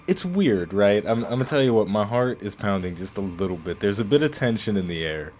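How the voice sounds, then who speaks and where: A man with a low voice gives casual let's-play commentary over his game. He rambles in a chatty way and often restarts his phrases mid-sentence. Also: expressive, brisk, a little mellow, a little hiss or hum. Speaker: gaming channel host.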